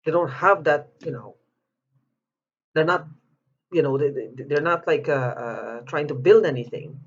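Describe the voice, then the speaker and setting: A man's voice: a little high, unhurried. A man speaking in an upset personal video, agitated, repeating himself and breaking off mid-word as he pleads for help. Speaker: vlogger asking for help. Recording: dull lo-fi audio.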